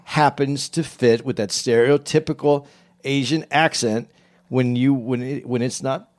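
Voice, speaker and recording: A man co-hosting a casual podcast, earnest and halting, who stumbles over his words and restarts often. His voice sits at an ordinary pitch for a man. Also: fairly even intonation, darkish tone. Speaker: podcast co-host.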